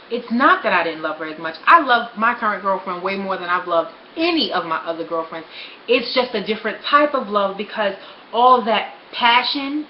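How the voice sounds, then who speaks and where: A woman's voice: mid-range voice, slight background noise. Blunt, frank young woman vlogging. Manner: blunt, frank and animated, swears freely. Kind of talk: casual personal vlog talk. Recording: roomy, slightly dull home recording.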